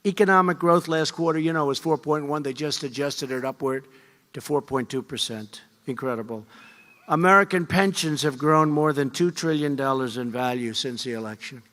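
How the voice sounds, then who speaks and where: Forceful, boastful man in his seventies. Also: on the high side, moderate pace. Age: 70s. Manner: repetitive, boastful, emphatic. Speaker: politician. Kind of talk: off-the-cuff campaign speech. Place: large event hall. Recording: reverberant hall with faint crowd.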